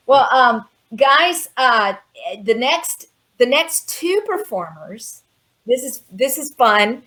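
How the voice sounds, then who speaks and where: A woman hosts a live music show with a slightly high voice, chatting in a relaxed, unhurried way as she introduces the next acts. She sounds friendly and chatty. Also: low-quality recording. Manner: friendly, chatty, laughs easily. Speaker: show host. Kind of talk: casual chat introducing performers.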